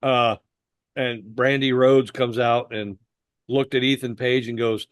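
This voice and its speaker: A man co-hosting a casual podcast chat, relaxed, recalling details with some halting restarts. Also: mid-range voice, no room sound, studio quality. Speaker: podcast co-host.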